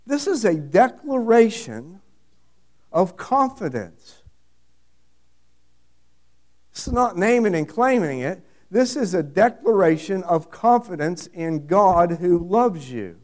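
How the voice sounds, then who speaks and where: A man's voice: high voice, very animated, unhurried, a little mellow. A middle-aged man preaching a sermon, emphatic and repetitive, asking the congregation questions. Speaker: pastor.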